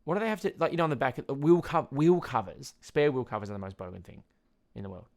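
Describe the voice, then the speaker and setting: A young man from Tasmania with an Australian accent, ranting on a casual solo podcast. He rambles, trips over his words, swears freely and laughs at himself, at a middling pitch. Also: very animated, quick pace. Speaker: podcast host.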